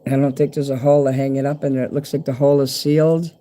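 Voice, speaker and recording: A man's voice: mid-range voice, flat delivery, quick pace, mellow. A man chatting casually to camera as he unboxes a fan's package at home, rambling, swearing and easily delighted. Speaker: vlogger opening a fan's package. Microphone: handheld camera.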